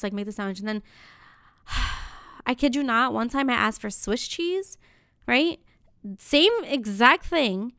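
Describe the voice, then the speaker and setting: A woman's voice: a little high, smooth, dry recording, studio quality. A woman casually telling an exasperated story on a podcast, with lots of "like". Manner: exasperated, animated retelling with lots of "like".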